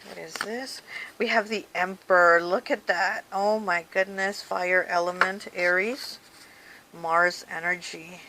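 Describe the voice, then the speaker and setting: A woman with a fairly low voice gives a casual tarot reading to her viewers. She talks to them directly and chattily, dropping "okay" and "you know" as she goes. A steady hiss runs under the recording. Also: unhurried. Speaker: tarot reader.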